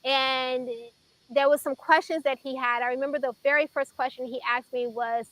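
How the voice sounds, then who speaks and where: A woman in her thirties from Chicago sharing an earnest, emotional personal testimony on a faith talk show, with pauses as she tells it. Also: high-pitched, fairly bright tone, poor audio.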